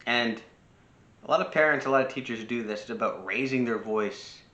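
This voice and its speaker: A man's voice: medium pitch, fairly quick, sharp tone, echoey room. A man giving casual spoken advice on parenting, talking freely with restarts and acting out short quoted lines. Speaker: personal growth speaker.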